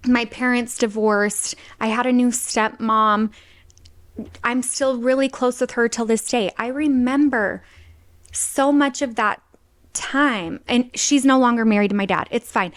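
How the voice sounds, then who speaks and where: A woman's voice: on the high side, no echo. A young woman hosting a podcast, telling a personal story in a chatty way, full of fillers and little laughs. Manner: chatty, filler-heavy, with frequent laughs and intensifiers. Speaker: podcast host.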